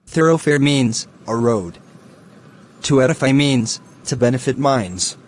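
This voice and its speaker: A man's voice: mid-range voice, lively intonation, measured pace, slight background noise. A man acting as a teacher, explaining the meanings of words in a lesson.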